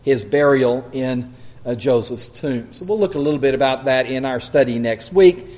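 A man preaching an expository Bible sermon, measured and deliberate, slowing down to stress quoted scripture. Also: medium pitch, a little mellow.

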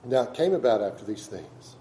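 A man's voice: medium pitch, very animated, fairly quick, warm tone, roomy sound, a little hiss or hum, rough recording. A man preaching a sermon to a congregation in a conversational way, often asking them questions. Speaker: pastor.

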